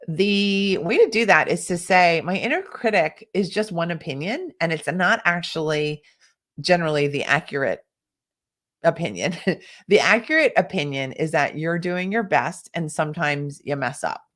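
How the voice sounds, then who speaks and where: Low-voiced woman coaching a workshop. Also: lively intonation, normal speed, fairly bright tone. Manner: encouraging, reads chat comments aloud. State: coughing now and then, sipping tea. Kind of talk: live online workshop talk.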